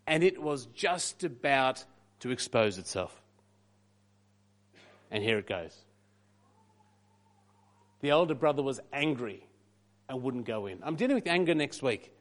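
High-voiced preaching man. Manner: animated preaching with sudden drops to quiet asides. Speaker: pastor. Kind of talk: sermon.

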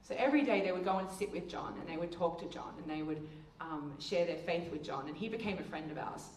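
A woman giving a presentation with slides, telling stories lively and acting out the voices of the people she quotes. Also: lowish voice, fast talker. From Australia. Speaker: missions speaker. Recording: echoey room, distant mic, faint ambience.

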